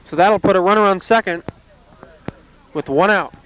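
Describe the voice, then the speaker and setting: A man calling play-by-play at an amateur softball game outdoors, in a calm, steady, plainly descriptive way. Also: high voice, moderate pace, smooth, rough recording. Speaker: play-by-play announcer.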